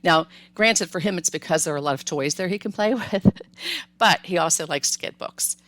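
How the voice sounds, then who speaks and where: A woman's voice: lowish voice, moderate pace, a bit bright. An older woman, a grandmother, hosting a solo parenting podcast and giving advice in a friendly, chatty way with light laughs.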